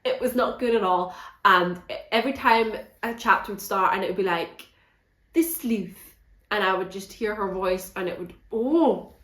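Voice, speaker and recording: A woman chatting through her monthly reads in a frank, animated vlog, not shy about swearing. Her voice sits in a middle pitch and carries a noticeable echo from the room. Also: a little fast. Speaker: book reviewer. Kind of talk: casual monthly book wrap-up vlog.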